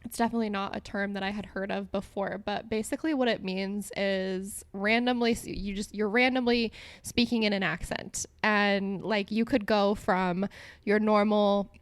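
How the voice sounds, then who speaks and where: A woman's voice: mid-range voice, fairly even intonation, normal speed, no echo. A young woman hosting a solo podcast, talking casually with frequent laughs and lots of "like" fillers. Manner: chatty, giggly, lots of "like" fillers. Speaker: podcast host.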